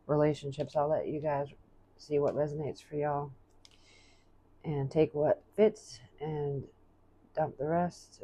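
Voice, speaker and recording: A woman giving a casual tarot reading, chatty and thinking aloud as she reads out card messages slowly. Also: low-pitched, warm tone. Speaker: tarot reader.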